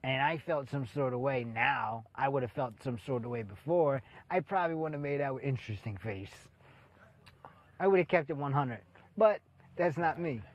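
A man's voice: medium pitch, normal speed. A young man in casual reality-show banter who exclaims a lot and lectures his friends. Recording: dull, muffled audio.

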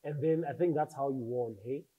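A woman's voice: a bass voice, fairly quick, breathy edge, narrow, tinny audio. A woman hosting a casual interview who chimes in with supportive, teasing remarks. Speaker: podcast host.

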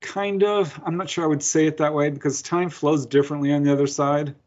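A man's voice: on the high side, fairly even intonation, a little fast, darkish tone, dull audio. A man, a guest author, telling stories in a casual interview, laughing often and acting out his own lines.

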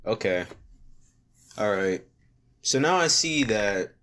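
A man's voice: fairly low pitch, animated, slow pace, a bit bright. A young man giving joking, slangy commentary while playing a text-message game, reading the messages aloud and breaking into mock singing. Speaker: gaming video creator. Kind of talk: casual gameplay commentary.

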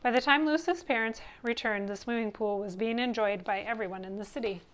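A woman's voice: fairly high pitch, fairly quick, slight background noise. Woman reading a children's story aloud. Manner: expressive, steady narration. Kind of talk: children's picture book read-aloud.

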